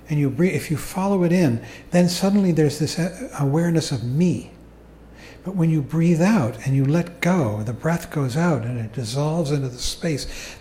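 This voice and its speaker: A man gives a slow, calm meditation talk to a group, explaining patiently. His voice is warm and mellow, sitting a little high. The sound is roomy and echoey. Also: a little hiss or hum. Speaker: meditation teacher. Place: meditation hall. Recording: echoey room recording.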